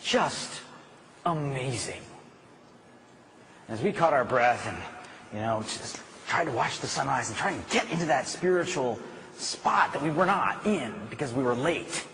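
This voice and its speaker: A man giving a live motivational talk, telling a story with animated delivery. He drops low and quiet for the key points. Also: a little slow, a little hiss or hum. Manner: animated storytelling, climbing to emphatic shouting. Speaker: motivational speaker.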